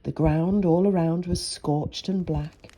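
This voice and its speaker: A woman reading a children's picture book aloud, expressive and chatty with asides. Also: fairly low pitch, slow. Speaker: storyteller.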